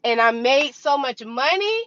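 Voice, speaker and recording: A young woman in her twenties tells her story to the camera in a high, bright voice that swoops up and down. She talks casually and acts out her own reactions with drama. The recording is dry and a little dull. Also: lively intonation, measured pace, a little hiss or hum. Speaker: vlogger sharing stock trading experience.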